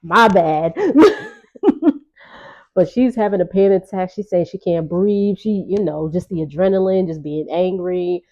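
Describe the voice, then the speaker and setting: Chatty woman recapper, low mellow voice, slightly dull lo-fi sound. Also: steady tone, normal speed, few pauses. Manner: chatty, gossipy, laughing asides. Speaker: reality TV recap vlogger. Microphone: on-camera.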